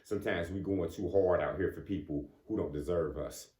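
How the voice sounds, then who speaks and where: A man's voice: low voice, normal speed, dark tone. A man giving a casual motivational talk. He speaks conversationally, keeps asking "you know what I'm saying," and chuckles between points. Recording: echoey room.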